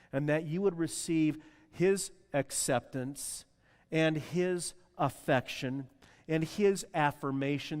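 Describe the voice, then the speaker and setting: A man's voice: fairly high pitch, long reverb tail. A man preaching as pastor to his congregation, repeating key lines and getting the room to answer back. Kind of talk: sermon. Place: church sanctuary.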